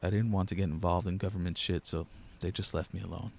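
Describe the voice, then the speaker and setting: A young man reading a first-person horror story aloud in a low-key, steady storyteller's way. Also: quick pace, vocal fry. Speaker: narrator. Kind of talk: scripted horror narration.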